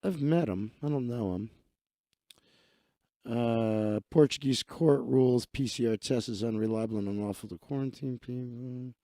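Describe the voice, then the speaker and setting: A man's voice: medium pitch, moderate pace, dark tone, no echo, clean studio sound. A man hosting a casual livestream, chatting in a rambling, profane and offhand way as he reads through his social feed. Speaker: livestream host.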